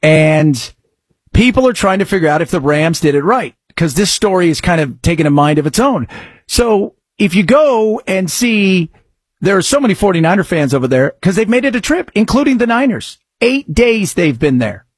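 Talk radio guy rambling about football, kinda high husky voice, dry studio sound. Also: big pitch swings, normal speed, no echo. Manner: chatty, rambling, jokey. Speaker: radio talk show host. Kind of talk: casual sports and news talk.

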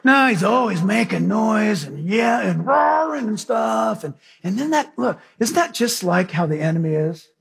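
A male pastor preaching an animated sermon, telling stories and acting out voices. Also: sits high, normal speed, creaky, hardly any pauses, slightly rough. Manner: animated, storytelling, acts out voices.

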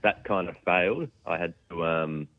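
A man calling in as a guest, relaxed and matter-of-fact as he explains his plans. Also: deep voice, moderate pace, narrow, tinny audio, a little hiss or hum. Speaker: guest, women's competition organiser. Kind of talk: interview over a call. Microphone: phone or video call.

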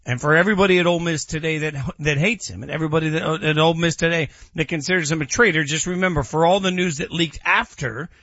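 A man's voice: fairly high pitch, fast, hardly any pauses, sharp tone, dry recording, lo-fi sound. A man co-hosting a sports talk show, arguing his points emphatically and building them with repetition in casual debate.

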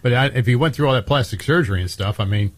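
A man's voice: mid-range voice, fast, husky. A man co-hosting a radio show, sounding puzzled and exasperated in casual banter. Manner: exasperated, quizzical. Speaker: radio co-host.

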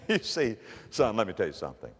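A gentle, rueful father speaking softly and low to his son, as a preacher puts him on. His tender voice drops well below the preacher's own. A long hall reverb trails behind him. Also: huge pitch swings, fairly quick, breathy edge, heavily acted.

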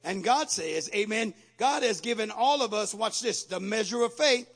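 A man preaching a sermon to his congregation, repeating phrases, asking the crowd questions and shouting out lines. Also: high-pitched, expressive, moderate pace, slightly rough. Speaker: pastor.

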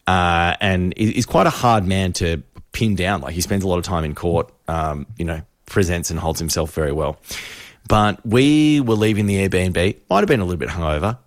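A man on radio, telling a story in lively casual banter with quick asides. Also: low-pitched, dry recording, studio quality.

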